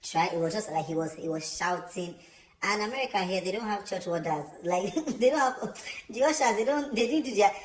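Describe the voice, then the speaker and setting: A young man telling a storytime vlog, chatty and animated, with many fillers. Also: high voice, fairly quick. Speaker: vlogger. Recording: roomy echo.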